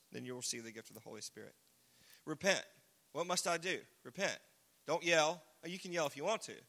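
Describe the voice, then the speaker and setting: A man preaching a casual, joking sermon, now and then shouting single words for emphasis. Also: on the high side. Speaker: pastor. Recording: long hall reverb.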